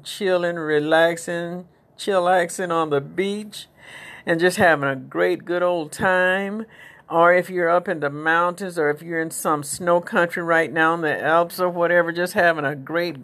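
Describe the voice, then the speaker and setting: A middle-aged woman hosting a podcast, talking in a rambling, casual, inspirational monologue with preachy asides. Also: sits low. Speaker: podcast host.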